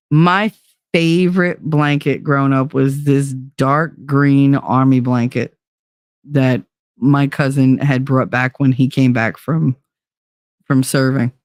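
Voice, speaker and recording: A woman hosting a livestream, chatting casually with viewers, profane and animated, laughing often. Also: a bass voice, dry recording, clean studio sound. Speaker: livestream host. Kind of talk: casual livestream chat reading viewer messages.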